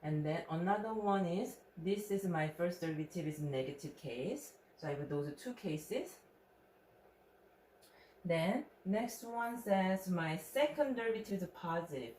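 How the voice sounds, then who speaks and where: A woman's voice: medium pitch, darkish tone. A woman math instructor walking through a recorded lecture step by step, checking in with rhetorical questions. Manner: step-by-step explaining, frequent "right?" check-ins. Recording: echoey room with faint noise.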